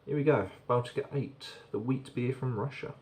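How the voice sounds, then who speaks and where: A man's voice: medium pitch, normal speed, a little mellow, a little hiss or hum. A man casually reviewing a beer on camera, chatty and rambling, often repeating words as he goes.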